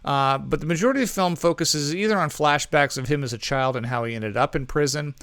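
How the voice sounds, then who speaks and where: Chatty man reviewing films, smooth dry voice. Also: fairly high pitch, fast talker, a bit bright, no echo. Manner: rambling, self-correcting, with frequent ums and asides. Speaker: podcast co-host reviewing movies. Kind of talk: casual movie review chat.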